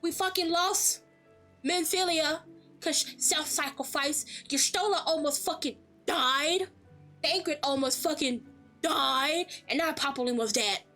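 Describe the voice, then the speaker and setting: A high-voiced woman streaming a game and reacting live in emotional, profane outbursts. Her voice is bright and sharp. Faint game music plays behind her. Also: measured pace.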